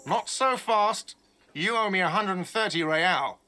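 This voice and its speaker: A man's voice: sits high, unhurried. An actor playing a testy male manager who answers in a sarcastic, curt way. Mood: irritable.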